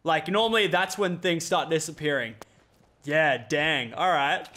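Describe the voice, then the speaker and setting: Excitable young gamer. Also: male voice, a little high. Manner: excitable, quick reactions, playful trash talk. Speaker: gaming YouTuber. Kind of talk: gameplay commentary.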